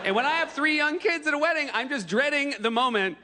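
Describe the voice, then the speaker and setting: A middle-aged American man doing stand-up on a big theater stage, his voice pitched fairly high and lively as he tips into loud, exaggerated bursts. A long hall reverb trails his words while audience noise fills the background. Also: quick pace. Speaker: stand-up comedian. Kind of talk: stand-up comedy set.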